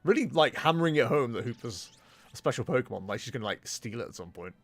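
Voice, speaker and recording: A man's voice: medium pitch, lively intonation, fast, no room sound. A man streaming a game, making exasperated, joking asides between the dialogue. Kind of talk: casual gameplay commentary.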